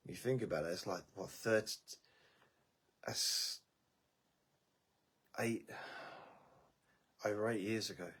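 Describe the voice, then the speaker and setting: Slow husky man chatting. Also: fairly low pitch, a bit bright. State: voice tiring. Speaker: vlogger on a live stream. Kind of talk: casual live-stream chat.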